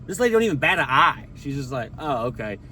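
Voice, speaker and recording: A man doing a stand-up comedy routine, telling a profane story full of quick quoted impressions. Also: on the high side, animated, bright, forceful tone, a little hiss or hum.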